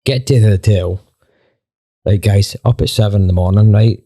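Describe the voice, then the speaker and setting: A Scottish man, a band member on a podcast, telling a lively anecdote with plenty of swearing and acted-out dialogue. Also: on the low side, moderate pace. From Scotland. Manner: animated, swears freely, acts out quoted dialogue. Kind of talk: casual storytelling anecdote.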